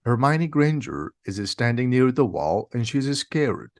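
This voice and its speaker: Man, easy audiobook narration, steady and plain, mid pitch, dry close recording. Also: no echo. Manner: slow, plain, steady reading. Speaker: reader.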